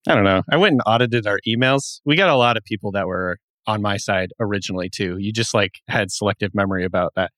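A man's voice: fairly low pitch, fast talker, few pauses, fairly bright tone, dry recording. A man co-hosting a podcast, playful and argumentative in casual banter. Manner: playful, argumentative, laughs often. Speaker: podcast co-host.

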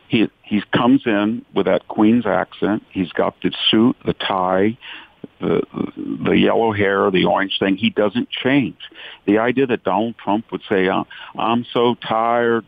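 A man as a guest commentator in a podcast interview, giving long, deliberate, opinionated answers. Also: fairly low pitch, creaky, no echo. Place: speaking from a rural county in California. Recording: tinny dry phone line.

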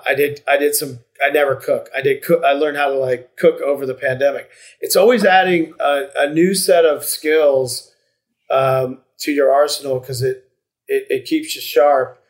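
Guy thinking out loud on a podcast, lots of restarts, "you know"s, mid-pitch voice. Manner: reflective, rambling with many restarts and fillers. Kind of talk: casual chat.

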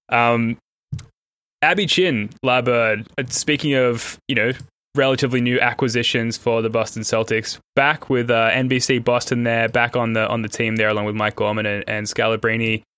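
A man from Australia hosting a casual sports podcast, laid-back and quick to laugh. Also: mid-range voice, steady tone, fairly bright tone, clear, resonant tone, no room sound. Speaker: podcast host.

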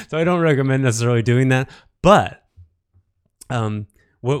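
Low-voiced man coaching, dry close sound. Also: dry recording. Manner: reflective, conversational, many fillers and self-corrections. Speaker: coach teaching a course. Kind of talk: course recording.

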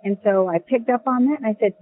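A woman telling a personal ghost story in a casual, halting way, with many ums and restarts. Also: fairly high pitch, slight background noise. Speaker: caller sharing a ghost story. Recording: tinny phone line.

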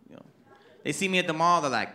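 A man performing a stand-up comedy set on stage, animated and putting on voices for his characters. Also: on the high side, fast. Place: comedy club stage with audience. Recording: live stage mic with loud crowd noise.

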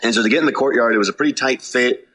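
Bright-voiced man telling a story. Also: mid-range voice, racing, a little hiss or hum. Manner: animated, swearing, acts out his own yelling. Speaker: touring musician. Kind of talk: casual storytelling.

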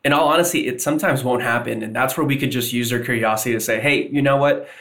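A man's voice: medium pitch, fairly even intonation, quick pace, gravelly, fairly bright tone. A man talking casually as a podcast guest about sales, slipping into sample cold-call lines as he explains.

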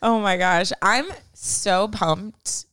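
An enthusiastic woman co-hosting a podcast, who tells stories in an animated way. Her voice is smooth and clear, at an ordinary pitch. It is recorded dry and close. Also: drawn-out words, dry recording. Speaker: podcast co-host. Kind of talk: casual chat.

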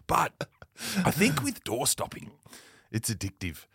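Animated Australian man, hungover storyteller. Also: medium pitch, unhurried, gravelly, breathy edge, no echo, clean studio sound. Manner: animated storyteller, laughs mid-sentence. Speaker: podcast co-host. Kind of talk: casual podcast chat.

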